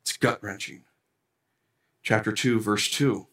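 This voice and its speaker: A man preaching a sermon as a pastor, animated and acting out complaints to God with a rising voice. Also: fairly high pitch, normal speed, reverberant.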